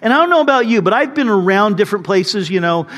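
A middle-aged male pastor preaching a conversational sermon, full of asides and rising to loud high points. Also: animated, quick pace, in a large hall.

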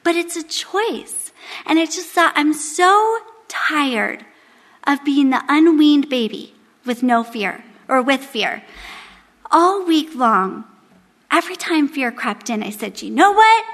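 Woman in her 30s, devotional sermon, candid and humorous, high voice, long hall reverb. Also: lively intonation, takes it slowly, fairly bright tone. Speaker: women's Bible study speaker.

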